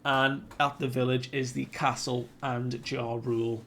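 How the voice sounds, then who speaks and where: A man casually recapping a comic chapter in a relaxed, rambling way with lots of fillers. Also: mid-range voice, measured pace, slight background noise. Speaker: manga commentator.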